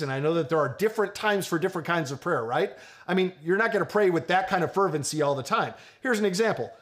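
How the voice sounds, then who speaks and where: Guy preaching in a high voice, lively and jokey, talking right to the church. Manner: animated, joking, addresses congregation directly. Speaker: pastor. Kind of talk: sermon.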